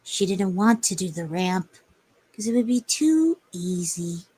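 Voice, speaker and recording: Slow, husky young woman telling a story. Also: fairly low pitch, animated, mellow. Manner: rambling, hesitant, many fillers. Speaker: streamer. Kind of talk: casual storytelling on a livestream.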